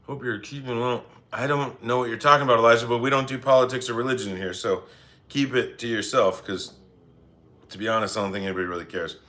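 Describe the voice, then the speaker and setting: A man hosting a casual cooking livestream from his home kitchen, chatty and laid-back, with quick apologetic asides as he reads chat. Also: medium pitch, steady tone, a bit bright.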